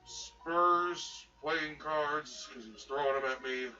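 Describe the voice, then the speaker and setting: A man's voice: a little high, takes it slowly, bright, forceful tone. A man playing a tabletop game in character, talking hesitantly with frequent fillers. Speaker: player. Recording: distant, dull lo-fi mic with faint music.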